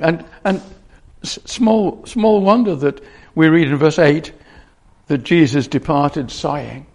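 Gravelly man preaching a sermon. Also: fairly high pitch, slow, a little mellow. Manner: earnest, with frequent restarts and repeated phrases.

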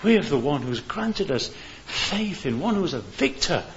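A man's voice: a little high, very animated, measured pace. A man preaching an evangelistic sermon in an earnest way, building to fervent appeals. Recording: dull hissy recording.

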